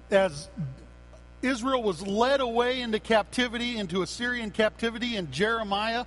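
Male pastor, high voice, preaching a sermon in an earnest, unhurried way, with fillers and restarts. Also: fairly bright tone, rough recording.

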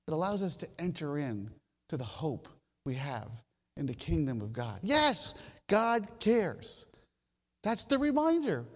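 A man preaching a sermon as pastor, animated, with drawn-out pauses and phrases that trail low. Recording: long reverb of a hall.

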